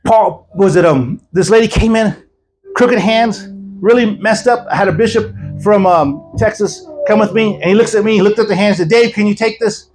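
A man preaching a sermon as an evangelist at a church service, telling stories in a lively, joking way. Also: high-pitched, normal speed, soft background music, poor audio. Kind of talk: sermon with storytelling.

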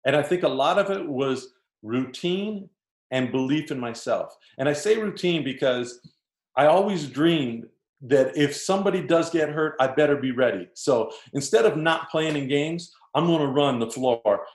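A man's voice: on the high side, moderate pace. Man, from Canada, interview guest, storytelling, acts out quotes, echoey room. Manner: animated, acts out coaches' lines while telling stories. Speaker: guest, former basketball player. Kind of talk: casual storytelling. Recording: roomy echo.

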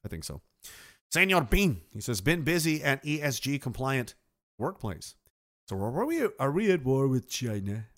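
An unhurried, fairly high and somewhat bright male voice swings widely in pitch. He's hosting a live show, ranting sarcastically with lots of profanity in a casual livestream style while reading viewer comments aloud.

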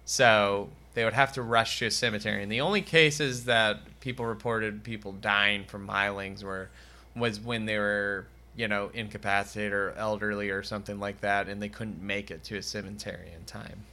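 A man co-hosting a podcast in casual, jokey banter, retelling folklore and breaking into loud mocking voices. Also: lowish voice, fairly even intonation, moderate pace. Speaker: podcast co-host.

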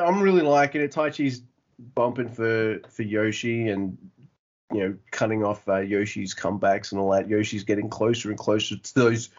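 A man chatting casually on a podcast, wandering through his thoughts with plenty of swearing and restarts. The audio is a little dull and lo-fi. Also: mid-range voice. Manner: rambling, profane, frequent restarts. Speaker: podcast co-host.

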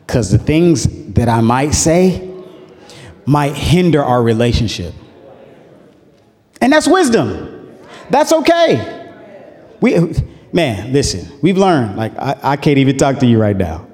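A man's voice: fairly high pitch, sing-song, measured pace, pauses often, darkish tone, in a large hall. A man pastor preaching a sermon in a loose, conversational way, calling on the congregation to answer back. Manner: conversational preaching with call-and-response.

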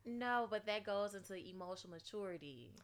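A woman's voice: mid-range voice, lively intonation, a little fast. A woman co-hosting a podcast, chiming in with short agreeing remarks and frank comments in casual chat.

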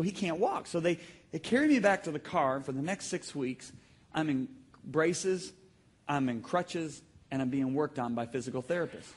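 A man preaching a sermon to a congregation, telling stories with sudden shouts and emphatic, drawn-out phrases. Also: a little high, breathy edge. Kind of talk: sermon with audience call-and-response. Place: church hall with live congregation.

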